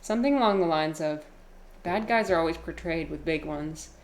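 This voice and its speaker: A woman streamer with a slightly low voice, chatting loosely with her viewers while she plays a game. She giggles often, reads comments aloud and pokes fun at herself in an easy, unscripted way. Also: normal speed. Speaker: livestreamer playing a game. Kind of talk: casual live-stream chat.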